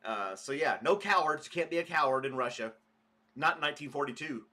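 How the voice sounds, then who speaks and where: A man's voice: a little high, animated, brisk, sharp tone. A man hosting a casual morning livestream podcast, rambling chattily and greeting viewers by name. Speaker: podcast host.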